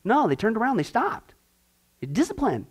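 A man's voice: very high voice, wildly swooping pitch, normal speed, slightly rough. A man teaching a discipleship Bible class, asking rhetorical questions and acting out little voices as he goes.

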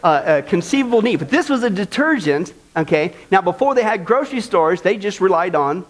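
Man, pastor, high voice, conversational sermon, animated, keeps asking "okay?". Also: fairly quick, rough recording. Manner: conversational, animated preaching with frequent "okay?" checks.

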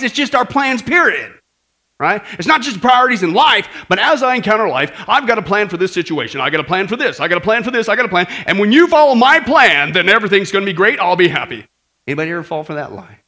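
Guy preaching, high bright voice that jumps all over, folksy and asks the crowd lots of questions. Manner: animated, folksy, rhetorical questions. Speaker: pastor. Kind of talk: sermon with a told joke.

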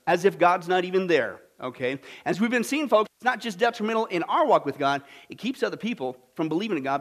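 A man preaching a sermon as a pastor. He tells a story with lively energy and keeps checking in with his listeners with "okay?" and "amen?". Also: high voice. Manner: animated storytelling, quizzing the audience with "okay?" and "amen?".

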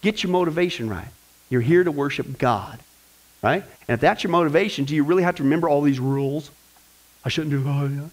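A male pastor teaches his congregation with a lively, playful delivery. His voice sits high for a man, and he breaks up the lesson with joking asides. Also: a little fast, rough recording. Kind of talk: church teaching sermon.

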